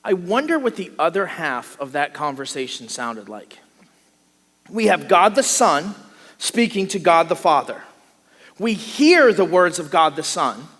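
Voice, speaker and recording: A man preaching a sermon as a pastor, animated, acting out the voices of the people he describes. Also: a little high, a little slow. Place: church sanctuary. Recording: long hall reverb.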